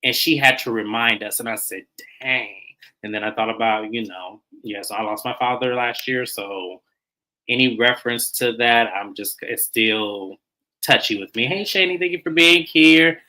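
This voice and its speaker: A man's voice: mid-range voice, normal speed, pushed and bright, poor audio. A man hosting a casual live-stream recap of a reality show, chatty and colloquial, greeting viewers by name.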